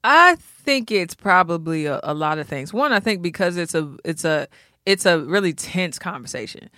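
A woman co-hosting a podcast in casual chat, playful and quick with asides, then thinking aloud with restarts. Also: on the low side, lively intonation, sharp tone, no room sound, studio quality. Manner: playful, quick asides, sings snatches of a theme song. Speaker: podcast co-host.

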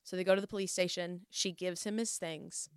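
A young woman telling a story in casual chat, animated and acting out what people said. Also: fairly low pitch, brisk, smooth, no echo, clean studio sound. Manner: animated storyteller, acts out quoted voices.

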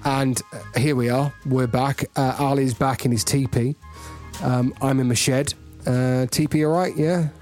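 A man's voice: mid-range voice, fairly even intonation, measured pace, a little mellow, faint music behind. A man co-hosting a podcast from a garden shed, joking and teasing in casual chat. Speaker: podcast co-host.

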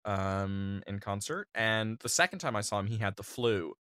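A man in his twenties co-hosting a comedy podcast, trading dry, jokey deadpan asides. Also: lowish voice, normal speed, clear, resonant tone, no echo. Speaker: podcast co-host. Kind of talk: casual comedic banter.

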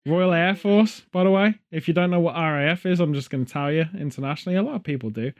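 A man's voice: a little high, fast talker. A man hosting a casual podcast chat, rambling from one story to the next with jokey asides and puns. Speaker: podcast host.

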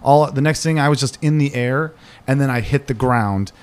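A man on a casual podcast chat, telling stories in an animated way and swearing freely. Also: medium pitch, moderate pace, clean tone.

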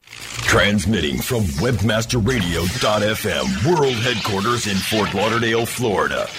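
A man's voice: fairly low pitch, animated, measured pace. A man announcing a radio show intro in a dramatic, punchy voice. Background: loud music.

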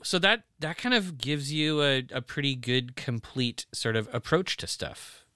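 Bright, crisp-voiced male host. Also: mid-range voice, unhurried, no echo, studio quality. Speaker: podcast host. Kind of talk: casual conversation.

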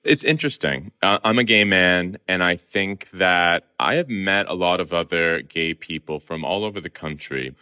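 A man's voice: deep voice, normal speed, few pauses, bright, forceful tone, smooth. A man from Southern California, a guest columnist chatting animatedly in an interview and laughing often. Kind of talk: casual interview chat.

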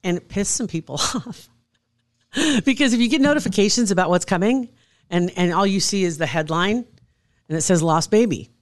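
A woman's voice: on the low side, normal speed. A woman co-hosting a casual podcast, telling a story in a chatty, amused way. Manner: chatty, amused, laughs often. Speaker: podcast co-host.

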